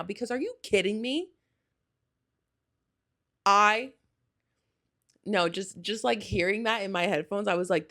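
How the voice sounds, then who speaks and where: A woman's voice: medium pitch, measured pace, pauses often, bright, forceful tone. Rambling, gushing young woman podcaster. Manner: gushing, rambling, with frequent "like" and self-corrections. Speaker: podcast host. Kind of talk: casual solo podcast chat.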